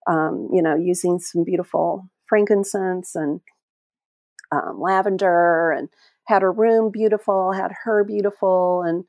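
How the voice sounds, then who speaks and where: A middle-aged woman telling a personal story as an interview guest, heartfelt and halting, often restarting her sentences. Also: fairly low pitch, steady tone, a little mellow, dry recording, studio quality. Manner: halting, heartfelt, many restarts and trailing phrases. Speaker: interview guest, end-of-life caregiver.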